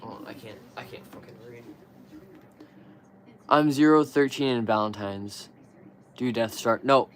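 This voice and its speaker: A man's voice: mid-range voice, a little slow, long pauses, fairly bright tone. A young man streaming live, chatting casually in a crude, slangy, ranting way full of swearing.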